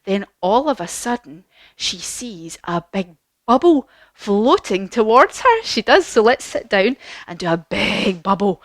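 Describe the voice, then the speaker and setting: A woman leading a children's yoga class as a story, animated and encouraging, with gasps and questions. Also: medium pitch, no room sound. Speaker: kids yoga teacher.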